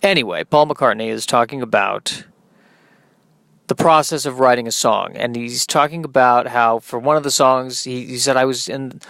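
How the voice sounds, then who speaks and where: A man's voice: medium pitch, moderate pace, vocal fry, fairly bright tone, no room sound, studio quality. A man hosting his own podcast, delivering a rambling, self-deprecating comedic monologue.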